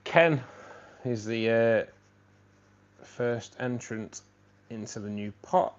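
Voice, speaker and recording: A medium-pitched man speaks slowly while hosting a live stream. He chats easily, names viewers as he thanks them, and laughs at his own jokes; the stream audio is a bit dull with a faint noise.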